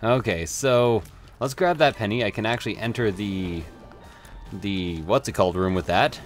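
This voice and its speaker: A man's voice: on the low side, normal speed. A man commenting on his gameplay as a let's play host, in a rambling, offhand way with mild swearing. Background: faint game music.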